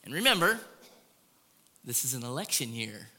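A man's voice: medium pitch, very animated, moderate pace, sharp tone. A man preaching a conversational sermon as a pastor, often asking his congregation "right?". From Florida. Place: large church hall. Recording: long hall reverb.

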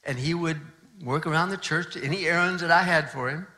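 An older male pastor telling a story from the pulpit, his voice bright and forceful and set a little high for a man. He speaks earnestly and conversationally and often stops to restart his sentences. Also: a little fast. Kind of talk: sermon storytelling.

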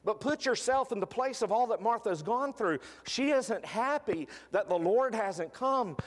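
Conversational preacher with a higher voice. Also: male voice, lively intonation, unhurried, big-room sound. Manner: conversational, with frequent "uh" fillers and restarts. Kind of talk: sermon.

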